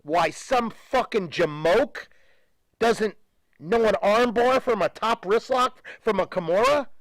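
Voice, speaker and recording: A man's voice: high-pitched, takes it slowly, a bit bright, dry recording. An older man, a retired pro wrestler, ranting emphatically and with profanity as a guest in a studio interview.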